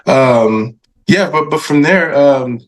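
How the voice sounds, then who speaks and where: A man in his thirties, a podcast guest, telling stories in a casual, animated way, laughing often and acting out what people said. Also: fairly high pitch, slow pace. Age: 30s. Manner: animated, laughing, acts out quoted voices. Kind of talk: casual storytelling interview.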